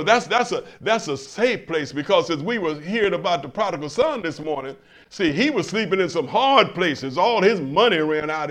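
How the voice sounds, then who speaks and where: High-voiced older man preaching. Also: a bit bright. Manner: call-and-response, stammering restarts, emphatic swells. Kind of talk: sermon. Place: church in front of a congregation.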